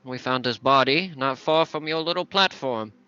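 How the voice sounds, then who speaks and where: Man, tabletop player, blunt, forceful bright tone, dry close sound. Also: mid-range voice, moderate pace, clear, resonant tone, no echo. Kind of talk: in-character tabletop play. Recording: slightly muffled, dry audio.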